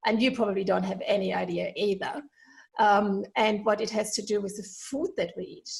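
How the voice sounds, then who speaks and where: A German-accented woman in her forties talks eagerly through a solo podcast from her kitchen. Her voice has a gravelly, fry-tinged texture, and she rambles a little with ums and uhs as her excitement carries her along. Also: medium pitch, moderate pace, rough recording. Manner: enthusiastic, rambling with fillers. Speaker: podcast host, veterinarian. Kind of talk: casual solo podcast monologue. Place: home kitchen.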